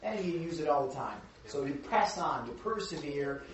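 Hoarse, raspy man preaching in a hall. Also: fairly high pitch, lively intonation, moderate pace. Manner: earnest, conversational preaching with many fillers. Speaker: pastor. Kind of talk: sermon. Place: church hall. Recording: echoey hall from a distant mic, dull.

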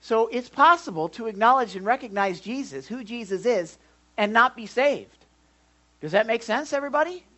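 A man preaching a sermon in church, animated, swinging between loud and hushed and asking the congregation questions. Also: extremely high pitch, moderate pace, low-quality recording. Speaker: pastor.

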